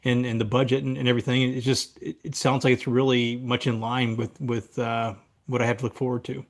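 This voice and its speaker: A man in casual podcast chat who talks fast. He restarts his phrases and agrees easily with the others. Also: mid-range voice, level tone. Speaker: podcast co-host.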